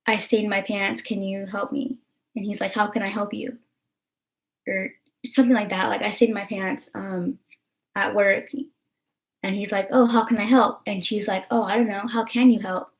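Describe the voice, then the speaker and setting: A young American woman vlogging in casual chat, rambling with lots of fillers and swearing. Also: medium pitch.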